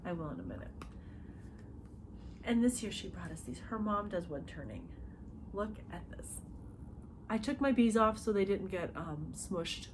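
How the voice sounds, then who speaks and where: A woman hosting a casual chat among friends, animated and quoting others as she tells stories. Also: mid-range voice, moderate pace, long pauses. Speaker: podcast host. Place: hotel room. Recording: noisy room ambience.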